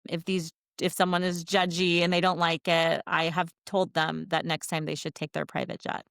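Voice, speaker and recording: Lively woman telling travel stories. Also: on the low side, normal speed, creaky, clear, resonant tone, no room sound, studio quality. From United States. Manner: lively anecdotal storyteller, laughs often. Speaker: guest, language-learning company founder. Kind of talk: casual interview chat.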